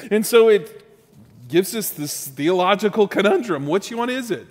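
A man's voice: high-pitched, lively intonation, moderate pace, big-room sound. A man from the United States preaching a sermon, conversational and joking, teasing his congregation. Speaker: pastor.

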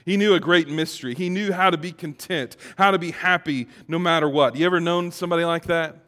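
A pastor giving a sermon in a conversational way that builds to emphatic peaks. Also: male voice, fairly high pitch, fairly quick, sharp tone, long reverb tail.

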